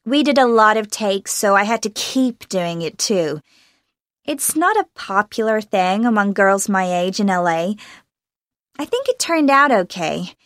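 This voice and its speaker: A woman's voice: medium pitch, animated, a little slow, fairly bright tone, dry recording, clean studio sound. A young American woman from Los Angeles, an actress answering interview questions in a bubbly way and laughing often. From Los Angeles, USA.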